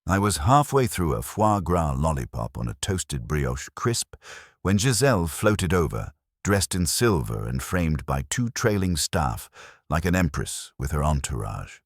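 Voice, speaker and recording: A man's voice: very deep voice, big pitch swings, measured pace, dry recording. A man narrating a detective audiobook in a wry, dry first-person manner.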